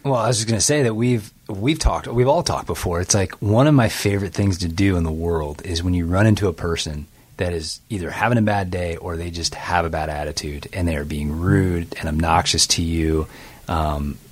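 A man in casual chat, co-hosting a podcast and sharing an opinion in a relaxed, easygoing way. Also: sits low, a little fast, breathy edge.

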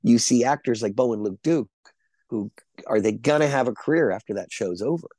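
A man's voice: mid-range voice, brisk, darkish tone, no room sound. A middle-aged man, an actor guest, telling rambling anecdotes with lots of fillers and restarts in a casual interview chat.

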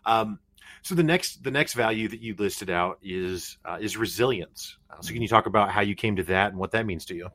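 A man's voice: fairly low pitch, a little fast, a bit bright, no echo. A man hosting a podcast, reflective and thinking aloud as he talks with his guest. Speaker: podcast host. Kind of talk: conversational interview.

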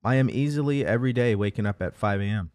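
A man with a lowish voice hosts a motivational live show. He speaks earnestly and repeats key phrases as he coaches. The sound is close and dry. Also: quick pace, a little mellow, no room sound. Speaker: host.

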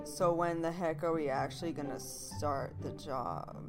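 A woman playing a tabletop game, speaking quietly. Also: deep voice, fairly even intonation, unhurried, music in the background. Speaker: player.

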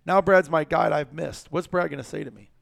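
A man hosting a casual podcast, telling a story in a blunt, profane, animated way. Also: on the high side, brisk, creaky, no echo, studio quality. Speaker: podcast host.

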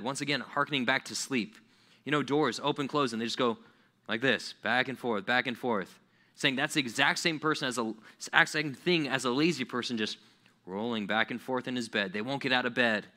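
A man giving a lively, joking sermon to young people, acting out little scenes. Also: medium pitch, fairly quick.

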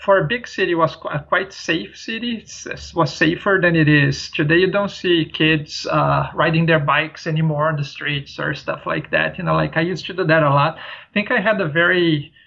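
Brazilian guy on a podcast, gravelly voice, easygoing, lots of uh and like. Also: a little high, normal speed, bright, forceful tone. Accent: Brazilian Portuguese. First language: Portuguese. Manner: easygoing, many fillers and restarts. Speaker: podcast guest, traveler and author. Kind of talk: casual interview talk. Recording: dull lo-fi sound.

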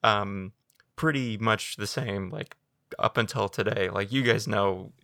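A man's voice: fairly low pitch, a little slow, creaky, pushed and bright, dry recording, clean studio sound. A man from the United States co-hosting a podcast, rambling in casual chat with a self-mocking manner and many fillers. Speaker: podcast co-host.

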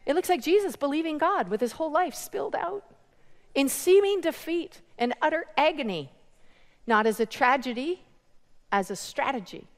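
A woman preaching a sermon, telling a story with animated quoted voices and laughter between lines. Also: sits high, normal speed, long reverb tail.

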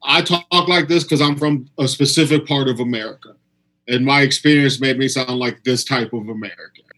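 Bright-voiced man in animated chat. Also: mid-range voice, fairly quick, rough recording. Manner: animated, acts out quoted exchanges. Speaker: comedian. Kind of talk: casual podcast chat.

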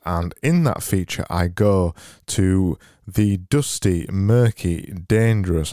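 A man hosting a solo comedy podcast, rambling deadpan and mocking himself, into a boom-arm mic. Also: takes it slowly, no echo, studio quality. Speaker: podcast host.

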